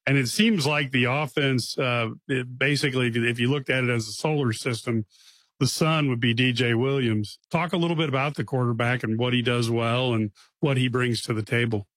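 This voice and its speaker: Relaxed man hosting a sports chat. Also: mid-range voice, fairly quick, no room sound. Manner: relaxed, filler-heavy. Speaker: sports podcast host. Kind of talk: casual sports talk.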